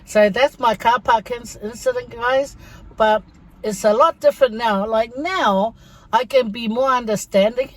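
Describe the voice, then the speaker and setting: With a slightly high, unhurried voice, this Samoan vlogger, a middle-aged woman, tells stories while eating for her mukbang audience. She keeps it chatty and addresses her viewers as guys.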